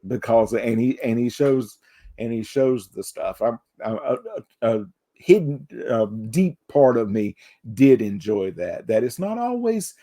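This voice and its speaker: A man's voice: mid-range voice, sing-song, a little slow, warm tone. A man co-hosting a podcast in casual chat, with a wry, self-deprecating humor. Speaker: podcast co-host.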